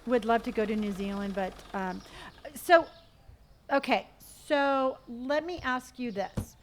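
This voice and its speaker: A woman's voice: fairly high pitch, a little slow, a little hiss or hum. A middle-aged woman chatting casually on a live stream while she plays, reading viewer comments aloud and humming to herself. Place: at home.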